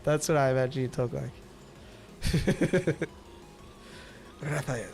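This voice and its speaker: A man's voice: mid-range voice, slow pace, vocal fry, long pauses, a little mellow, faint music behind. An Australian man hosting a casual livestream, reading viewer comments aloud and teasing them playfully. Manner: playful, teasing, laughs often. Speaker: livestream host.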